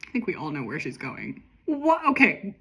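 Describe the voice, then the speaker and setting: A young woman reading aloud a story she wrote as a child, with amused, self-mocking commentary, slipping into quick voices for the characters. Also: mid-range voice, wildly swooping pitch, fairly bright tone, slightly rough.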